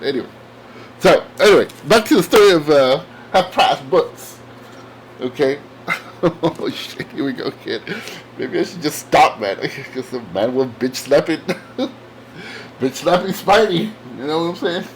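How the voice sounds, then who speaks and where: Rambling, lively comic-collector guy. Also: fairly high pitch, a little slow, slight background noise. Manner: rambling and enthusiastic, many fillers. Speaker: comic book channel host. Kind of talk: casual chat.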